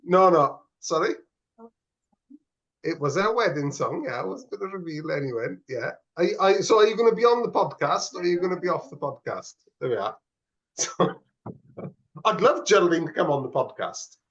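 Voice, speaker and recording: A man's voice: fairly high pitch, expressive, fairly quick, a bit bright. A man co-hosting a podcast, chatting casually, laughing often and stumbling over his words. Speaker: podcast co-host. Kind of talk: casual chat. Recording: slightly dull lo-fi audio.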